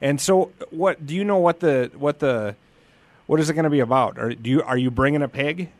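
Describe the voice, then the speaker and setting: A man's voice: fairly high pitch, fairly quick. A man hosting a casual interview, asking direct and playful questions. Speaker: host.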